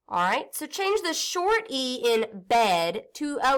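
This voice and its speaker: A woman teaching a phonics lesson to young children, stretching words out and sounding them slowly. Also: high-pitched, very animated, a bit bright, clear, resonant tone. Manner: slow, sing-song teacher talk, stretching out words and sounds.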